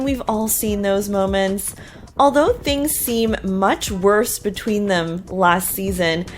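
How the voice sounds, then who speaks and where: Chatty woman recapping reality TV gossip. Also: mid-range voice. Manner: chatty, gossipy, with sarcastic asides. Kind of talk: casual recap commentary.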